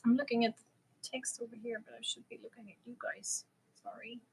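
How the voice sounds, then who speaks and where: A woman's voice: on the high side, level tone, fairly quick, creaky, slight background noise, rough recording. A middle-aged woman whose first language is not English, chatting casually and laughing at herself while hosting a livestream. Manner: chatty, self-deprecating, laughs often. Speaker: livestream host. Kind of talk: casual livestream chat with viewers.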